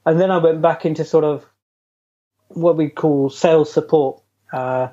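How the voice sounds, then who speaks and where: A middle-aged man tells his story in an easy, chatty way, poking fun at himself and laughing along. His voice sits on the higher side for a man but sounds mellow and dark in tone. The recording is dull and lo-fi. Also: fairly even intonation, a little slow. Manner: chatty, self-deprecating, laughs often. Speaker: interview guest. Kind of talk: casual storytelling. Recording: dull lo-fi audio.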